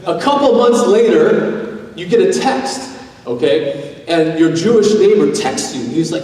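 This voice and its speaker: A male pastor preaching a sermon in an animated way, acting out everyday scenarios. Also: sits high, measured pace. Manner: animated, acts out scenarios in quoted voices. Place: church sanctuary. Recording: echoey church hall, mic heard from a distance.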